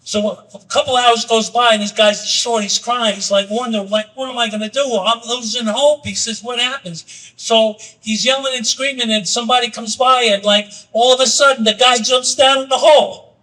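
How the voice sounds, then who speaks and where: High, bright-voiced man telling a story. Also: steady tone, moderate pace, far from the mic, rough recording. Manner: earnest, acts out the story with raised voice. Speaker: podcast guest. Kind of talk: candid conversation with storytelling.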